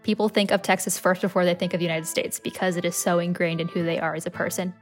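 A woman's voice: fairly low pitch, fairly even intonation, quick pace. A woman linguist answers interview questions in a casual, chatty voice with plenty of filler words. Faint music sits in the background. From Massachusetts.

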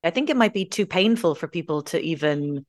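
A woman from Ireland with an Irish accent, an Irish language teacher explaining with lively examples. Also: deep voice, a little fast. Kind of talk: explaining in an interview.

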